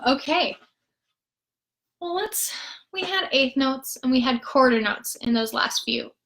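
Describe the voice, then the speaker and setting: A woman's voice: fairly high pitch, fairly bright tone, poor audio. A woman with a Minnesotan accent, a music therapist, leading a live-streamed rhythm lesson and patiently counting in and chanting food words as beats.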